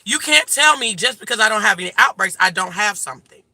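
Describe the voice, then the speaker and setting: A woman's voice: mid-range voice, animated, fast talker, bright, forceful tone, dry recording. A woman life coach talking casually and emphatically to her viewers from a car, calling them y'all. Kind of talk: casual direct-to-camera chat.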